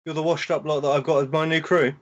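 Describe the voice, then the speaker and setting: Man putting on a cocky swaggering sea captain, high-pitched, tabletop game, muffled recording. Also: flat delivery, fast, natural voice.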